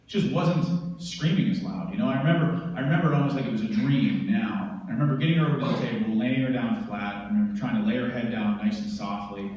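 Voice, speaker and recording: A man's voice: medium pitch, fast talker, few pauses, a little mellow, distant mic, slight background noise. A man from the United States, a veteran speaker, intensely and vividly retelling a personal story. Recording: roomy hall from afar.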